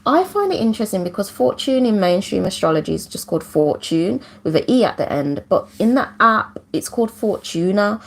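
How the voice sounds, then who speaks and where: A woman's voice: fairly low pitch, darkish tone. A woman hosting a casual live astrology talk, rambling with many fillers and restarts, emotional and close to tears, laughing between points. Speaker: astrology channel host. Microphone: camera.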